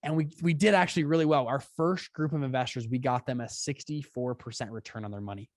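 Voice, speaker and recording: A young man in his twenties, a podcast guest telling a story in conversation, animated and quick, acting out quotes with big jumps in pitch. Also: no echo, clean studio sound. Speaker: podcast guest, fund founder.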